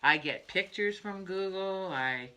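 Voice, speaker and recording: A woman's voice: mid-range voice, expressive, a little slow, pushed and bright. An older woman hosting a craft livestream, chatting in a rambling way, laughing often and drifting into asides. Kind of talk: rambling casual chat.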